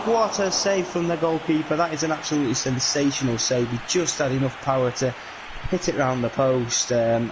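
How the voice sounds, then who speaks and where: Bloke, solo play-by-play gamer commentator, chatty and filler-heavy, mid pitch. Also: male voice, background noise. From England. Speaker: video game match commentator.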